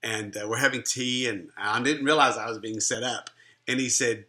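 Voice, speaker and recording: A man's voice: medium pitch, steady tone, moderate pace, sharp tone. A middle-aged man, a Christian minister and life coach, telling a personal testimony in an earnest, conversational way with frequent restarts.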